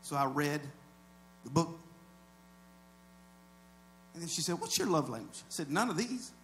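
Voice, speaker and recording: A man preaching a sermon as a pastor, talking to the congregation in a conversational way, dropping to low asides and building to loud shouted peaks. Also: sing-song, a little slow, a little hiss or hum.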